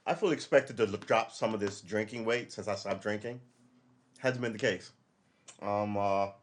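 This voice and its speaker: A man from Brooklyn, hosting a casual political livestream. He talks in a loose, rambling, profane way. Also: on the low side. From Brooklyn, New York. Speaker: livestream host.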